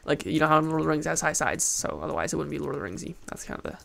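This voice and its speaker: A young man hosting a casual gameplay video, talking quickly and excitably and mocking his own building skills. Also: on the high side, creaky. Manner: rapid, excitable, self-mocking. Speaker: gaming video host.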